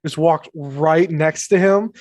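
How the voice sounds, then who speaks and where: A woman's voice: sits low, takes it slowly, a little mellow, no echo. A woman playing in a tabletop role-playing game, speaking in a dry, pointed way. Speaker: player.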